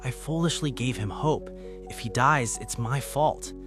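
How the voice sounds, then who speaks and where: Guilt-ridden young woman, read by a man, soft, storybook recap. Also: medium pitch, unhurried, faint music behind, close to an everyday voice. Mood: guilty.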